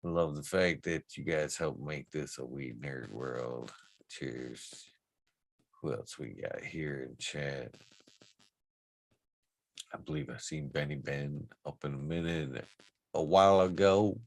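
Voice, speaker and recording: A man with a very low voice hosts a relaxed livestream and greets his chat viewers one by one. He talks slowly and in a laid-back way. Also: gravelly. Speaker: livestream host.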